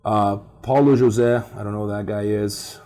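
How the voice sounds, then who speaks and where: A man's voice: on the low side, fairly even intonation, normal speed, dark tone. A man co-hosting a podcast, talking casually and rambling, full of fillers like "man". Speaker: podcast co-host. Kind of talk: casual chat.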